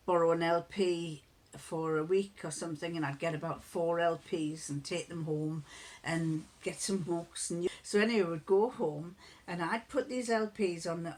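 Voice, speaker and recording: Chatty woman rambling through anecdotes. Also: sits low. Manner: rambling storyteller, chuckles often, many restarts. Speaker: crafting vlogger. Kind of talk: casual chat.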